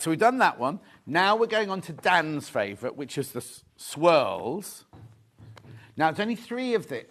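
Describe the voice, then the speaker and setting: A middle-aged man hosting a live fabric sales show, chatting excitedly and teasing the crew. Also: on the high side. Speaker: shopping show host.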